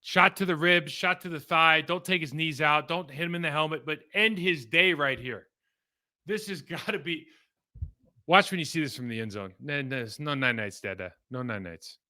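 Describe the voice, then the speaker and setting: A man's voice: on the high side, normal speed, pushed and bright. A man casually breaking down football game film, talking in a rambling, conversational way that trails off and restarts.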